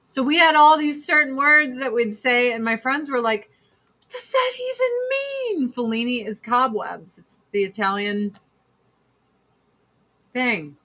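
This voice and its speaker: A woman hosting a podcast, ranting in a casual, profane, heated way with sudden loud outbursts. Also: a little high, unhurried. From United States. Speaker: podcast host.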